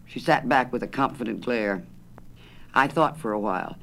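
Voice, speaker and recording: A man's voice: mid-range voice, normal speed, creaky, a bit bright. Man reading a wry humorous story. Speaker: narrator.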